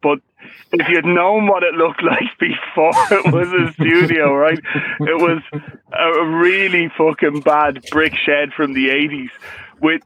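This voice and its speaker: A man's voice: on the high side, fairly even intonation, unhurried, bright, forceful tone, slight background noise, poor audio. A man telling a rambling, sweary story in casual podcast chat, often tagging "right?". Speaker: podcast co-host.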